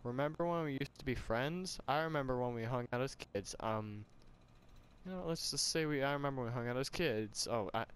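Speaking briskly at a medium pitch, a young man records himself playing a game, with slight background noise on his glitchy home mic. He reads the dialogue aloud, drops swear words and laughs, and voices the characters as he goes.

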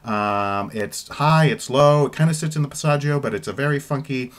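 A man's voice: medium pitch, normal speed. Chatty middle-aged man giving casual commentary. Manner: chatty and digressive, swears offhandedly. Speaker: baritone singer discussing an opera recording.

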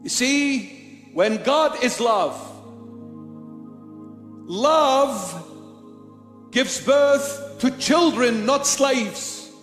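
A man's voice: very high-pitched, animated, drawn-out words, long pauses, fairly bright tone. A man preaching a sermon as a bishop in a church, emphatic and repetitive in his rhetoric. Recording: echoey church hall with faint music.

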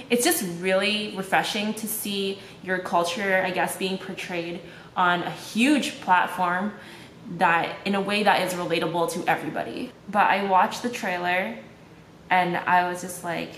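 A young Malaysian woman vlogs casually, chatty and leaning heavily on "like" as a filler. Her voice is lowish and fairly bright, with fairly even intonation and a slightly slow delivery. The room is echoey, with faint ambience and slight background noise.

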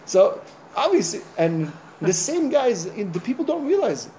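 A man, a rabbi, gives an informal sermon in a chatty storytelling manner. His voice sits a bit high and sounds warm and mellow, with a faint hum of room ambience behind it. He keeps breaking in with "you know" and slips into the voices of the people in his stories. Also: unhurried. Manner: animated storyteller, acting out conversations; conversational, frequent "you know" asides.

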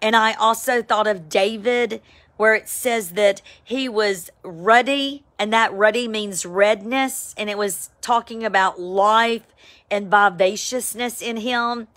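A woman, giving a casual, emphatic spoken devotional, with sudden excited high cries. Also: slow. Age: 50s. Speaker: Christian devotional vlogger. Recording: home, with a siren outside.

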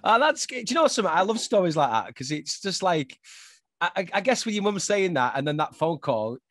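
A man's voice: high voice, big pitch swings, fairly quick, a bit bright, no room sound, studio quality. A man hosting a casual interview podcast, asking enthusiastic, rambling questions. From northern England. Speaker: podcast host.

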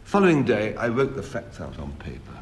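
A man on a radio comedy panel, telling a comic story with wry, deadpan delivery and dramatic pauses. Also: on the low side, noisy background.

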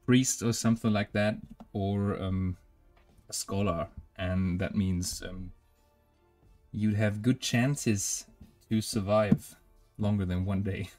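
German man, native German speaker with a German accent, lowish voice, relaxed hesitant hobby-stream chat. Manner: hesitant, many filler sounds. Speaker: miniature painting streamer. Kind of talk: casual chat while painting.

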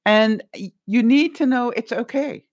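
A middle-aged woman vlogger chatting casually on a live stream, reading viewer comments and offering gentle, comforting advice with frequent repeated words and laughs. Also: a little high, measured pace. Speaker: vlogger answering live chat.

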